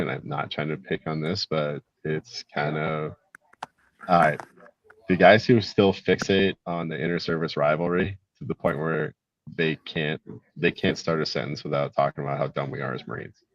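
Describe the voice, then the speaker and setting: Low voiced marine vet host, blunt easy chat, dull muffled call sound. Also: male voice, fairly even intonation, normal speed. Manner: blunt, reflective storyteller. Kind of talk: casual chat. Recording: dry, muffled lo-fi call audio.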